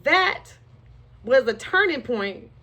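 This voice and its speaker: A woman's voice: high-pitched, sing-song, slow, sharp tone. A woman frankly and emotionally telling her own life story, with rueful laughs along the way. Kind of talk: candid personal testimony.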